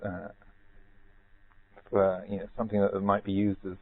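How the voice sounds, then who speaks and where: Low-voiced monk giving a rambling Dharma talk. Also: male voice, completely flat delivery, normal speed, vocal fry. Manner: rambling, repeats words, gently humorous. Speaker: Buddhist monk teacher. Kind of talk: retreat Dharma talk, anecdotal. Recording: tinny phone-like band.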